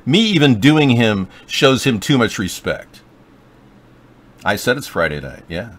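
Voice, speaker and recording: A man's voice: medium pitch, sing-song, unhurried. A man hosting a political livestream, rambling and joking with sarcasm. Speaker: livestream show host.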